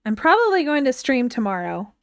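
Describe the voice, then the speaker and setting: A woman's voice: high-pitched, big pitch swings, fairly quick, clean tone, no room sound, studio quality. A woman in her thirties chatting casually as she plays a game on a live stream, thinking aloud from her computer at home. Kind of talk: casual live gameplay chat.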